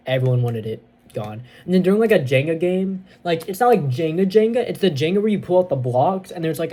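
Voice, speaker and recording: A man reviewing a movie, retelling the plot in a casual, excitable, rambling way with many fillers. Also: mid-range voice.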